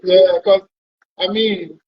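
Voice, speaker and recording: A man with a high, breathy-edged voice keeps a steady tone and a slow pace. He's a pilot guest recounting a long trip in casual, rambling conversational storytelling, often repeating his words. The recording is dull and lo-fi.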